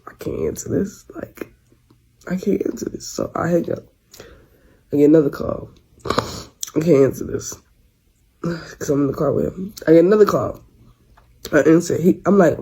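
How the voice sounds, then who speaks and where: A woman's voice: on the low side, creaky, mellow, husky, poor audio. A young woman in her twenties telling a rambling story in casual slang, restarting her sentences often. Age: 20s. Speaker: storyteller in a clip.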